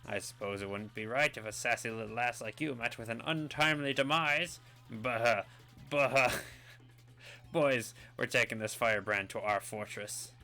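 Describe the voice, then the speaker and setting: A man voicing a blustering villain boss in a video game, loud and gloating. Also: mid-range voice, a little slow, soft background music.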